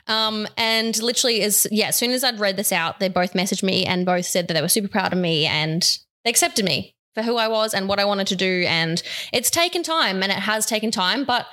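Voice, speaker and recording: A woman's voice: mid-range voice, brisk, hardly any pauses, bright, forceful tone. A young woman hosting a podcast, talking openly and from the heart. She laughs easily and speaks in a casual, personal way between friends. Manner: open and heartfelt, laughs often. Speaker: podcast host.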